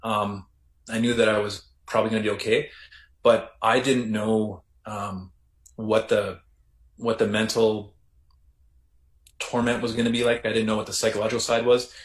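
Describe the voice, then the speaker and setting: A Canadian man, a former correctional officer, recounting his story in a reflective, halting way with many restarts. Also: on the low side, level tone. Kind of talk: casual storytelling interview. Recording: roomy echo.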